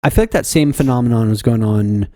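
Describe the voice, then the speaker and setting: A man's voice: medium pitch, quick pace, dark tone, dry recording, clean studio sound. A man co-hosting a podcast in casual chat, laid-back and rambling, with lots of "like" and "um". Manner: laid-back and rambling, heavy on fillers and restarts. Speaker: podcast co-host.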